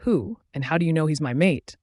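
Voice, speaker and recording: A man's voice: fairly high pitch, fairly quick, darkish tone, no echo, natural voice. A man reading as an eager young woman. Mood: excited.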